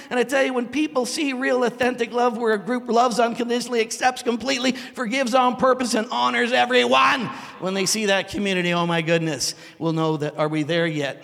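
A man preaching a sermon as pastor, building up to shouts and calling for amens in a church hall. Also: high voice, brisk. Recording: long hall reverb.

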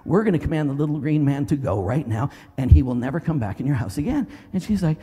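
A middle-aged male pastor preaching a sermon, telling a story with lively energy and breaking into loud commanding shouts. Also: fairly high pitch, quick pace, breathy edge. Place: church sanctuary. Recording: long reverb of a large hall.

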